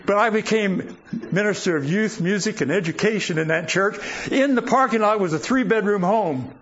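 An older man gives a guest sermon, telling personal stories in a folksy, chuckling manner. His voice is high-pitched and a bit bright at a moderate pace, captured in a dull lo-fi recording with faint noise.

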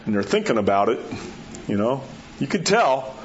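A man preaching a sermon in a folksy, storytelling way, dropping to a soft hush at key words. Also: mid-range voice, big pitch swings, normal speed, highs cut off, a little hiss or hum. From New Mexico.

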